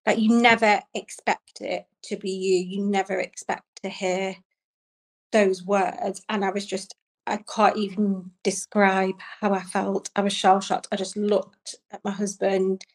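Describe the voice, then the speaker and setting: A young woman telling a personal story as an interview guest, speaking softly and haltingly with many pauses and restarts. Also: mid-range voice, little pitch movement.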